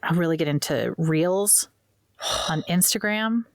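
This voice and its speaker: Relaxed American woman, lower voice. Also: unhurried, dry recording, clean studio sound. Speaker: podcast co-host. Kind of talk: casual chat.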